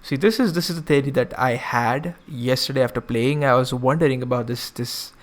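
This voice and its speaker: A man's voice: mid-range voice, steady tone, normal speed. A man streaming, reading a visual novel aloud and breaking off for casual asides. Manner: casual asides, self-correcting.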